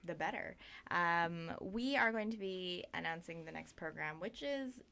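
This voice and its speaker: Low-voiced woman hosting a radio chat. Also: expressive, a little slow, creaky, bright, forceful tone. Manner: rambling, many fillers. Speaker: radio arts show host.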